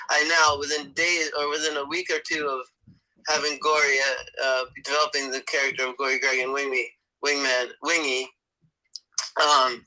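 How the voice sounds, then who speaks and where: A man's voice: medium pitch, bright, forceful tone, low-quality recording. A man who is a voice actor, speaking as a guest in an enthusiastic, rambling casual chat and laughing often.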